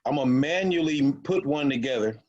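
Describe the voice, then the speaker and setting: A man with a medium-pitched, lively, slightly mellow voice teaches his online options trading group casually via screen share. His speech is halting, with many restarts and fillers, and the recording sounds muffled.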